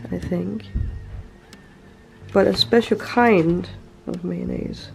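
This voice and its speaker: A woman's voice: fairly low pitch, vocal fry, low-quality recording. A woman vlogging casually as she cooks, chatting and thinking aloud as she goes. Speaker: cooking vlogger. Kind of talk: casual cooking vlog.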